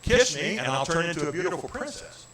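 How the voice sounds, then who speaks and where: A man's voice: a little high, sing-song, fast. A man voicing a small talking frog in a joke, coaxing and insistent. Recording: roomy live venue with crowd.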